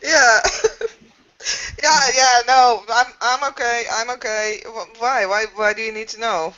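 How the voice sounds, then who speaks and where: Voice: mid-range voice, fairly even intonation, measured pace, sharp tone. A player voicing a nervous, defensive young woman, on a muffled lo-fi recording. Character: young woman questioned after a date.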